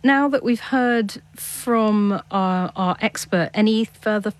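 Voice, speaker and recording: A woman hosting a radio science show, moving briskly between guests and topics. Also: mid-range voice. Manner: brisk, conversational linking. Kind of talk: radio presenting.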